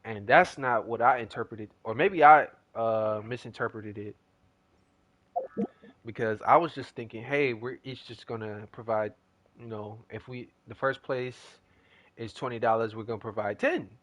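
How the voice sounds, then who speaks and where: A man's voice: medium pitch, normal speed, a bit bright, no room sound, muffled recording. A young man chatting casually as a gaming streamer, telling a rambling story in slangy talk.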